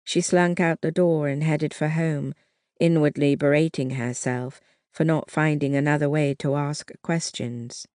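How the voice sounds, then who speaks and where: An audiobook narrator giving a measured, even reading of a historical novel. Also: mid-range voice, no room sound, clean studio sound.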